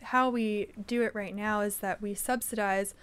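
Smooth-voiced woman explaining policy. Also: medium pitch, steady tone, fairly bright tone. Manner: articulate, explanatory, measured. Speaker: think tank vice president, guest. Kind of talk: policy interview.

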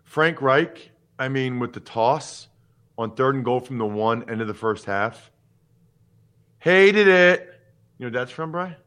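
A man's voice: mid-range voice, moderate pace. A man in his forties hosting a sports podcast, a former pro football player who talks casually and with strong opinions, jumping from topic to topic. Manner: animated, opinionated, jumps between topics.

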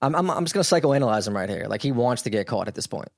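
A man's voice: mid-range voice, lively intonation, very fast, vocal fry. A man with a mid-range voice co-hosts a podcast in easy, casual chat. He throws in dry, sarcastic remarks. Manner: wry, sarcastic quips. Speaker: podcast co-host.

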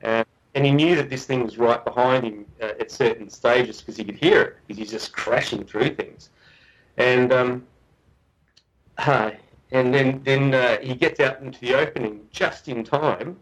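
A man, a guest researcher, telling a story in a chatty, animated way with frequent restarts. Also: medium pitch, unhurried, poor audio. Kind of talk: casual storytelling.

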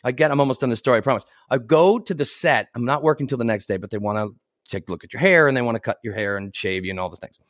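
A man's voice: mid-range voice, rapid-fire, no room sound. A middle-aged man spins a long anecdote in an easy, chatty way. He laughs often and slips into the voices of the people he quotes. The sound is close and dry, with no room around it. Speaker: actor guest. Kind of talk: casual anecdotal storytelling.

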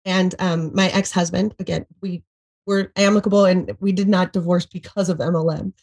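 A woman's voice: lowish voice, normal speed, rough recording. A woman in her thirties, a podcast guest, tells an emotional story with lots of fillers and acted-out quotes. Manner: animated, acts out quotes, many fillers. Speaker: podcast guest, former MLM seller.

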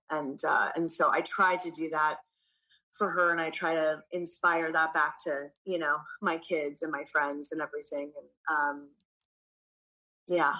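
A woman's voice: deep voice, pushed and bright, low-quality recording. A woman, an actress guest in an interview, speaking in a reflective, earnest way. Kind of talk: casual interview chat.

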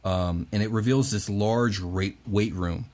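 A young man narrates a tabletop game as game master, in a slightly low voice. He is relaxed and chatty and fills his sentences with ums and uhs. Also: a little slow. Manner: relaxed, laughs often, filler-heavy.

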